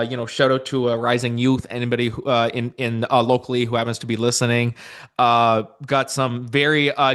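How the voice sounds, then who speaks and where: A man hosting a podcast, with a full, radio-style voice at a middle pitch. He talks loudly and projects even in relaxed conversation. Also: clean tone. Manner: loud, projecting delivery. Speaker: podcast host. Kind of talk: casual interview chat.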